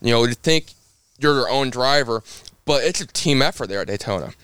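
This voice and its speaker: A man's voice: mid-range voice, brisk, clean tone, dry recording. Young male racer, chatty storyteller, clean dry close voice, lots of fillers. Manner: rambling, animated anecdotes with many fillers. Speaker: race car driver guest. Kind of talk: casual storytelling on a podcast.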